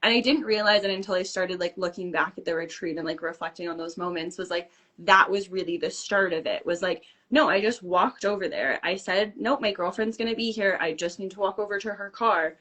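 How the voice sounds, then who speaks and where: A woman guest telling a story in casual chat, animated and acting out the dialogue. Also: medium pitch, brisk.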